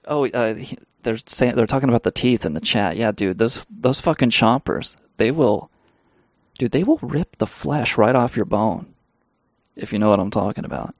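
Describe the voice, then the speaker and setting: A man with a gravelly, creaky voice tells a loose, swearing-laced story on his live stream. His sound is close and dry. He chuckles as he rambles and reads the chat aloud. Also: medium pitch, expressive, moderate pace, no room sound. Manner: rambling, profane, laughing. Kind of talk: casual storytelling and reading chat.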